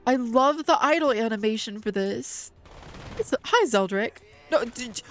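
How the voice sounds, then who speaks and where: A woman streaming a video game, talking to her chat, excitable and swearing often. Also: on the high side, a little slow, faint music behind. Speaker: VTuber streamer. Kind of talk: gaming livestream chat.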